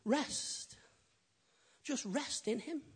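A man preaching a sermon as pastor, swinging from loud, emphatic build-ups to quiet, intimate asides. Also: very high-pitched, extremely slow, slightly rough. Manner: animated preaching, rising loud then dropping quiet.

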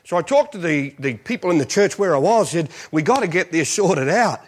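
A man's voice: on the high side, fairly quick. Aussie guy preaching in a church, cracking jokes, voice jumps all over. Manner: animated, jokey storytelling. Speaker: visiting preacher. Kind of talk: storytelling sermon.

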